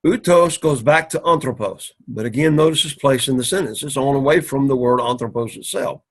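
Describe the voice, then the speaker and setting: Husky man lecturing on Greek grammar. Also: medium pitch. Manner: patient, drawn-out explaining with many "all righty"s and restarts. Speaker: Greek teacher. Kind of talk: recorded classroom lecture.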